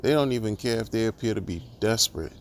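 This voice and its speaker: A man's voice: fairly low pitch, lively intonation, quick pace, slight background noise. A man ranting in a monologue, exasperated and sarcastic, firing off rhetorical questions and restarting his sentences. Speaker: crypto commentator.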